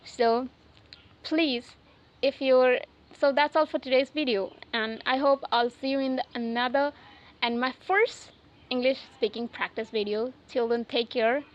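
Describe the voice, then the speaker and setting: A woman's voice: high voice, fairly even intonation, measured pace, muffled recording. A woman hosting an English learning channel, talking unscripted to camera in a chatty way, often restarting and correcting herself. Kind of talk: unscripted casual talk to camera.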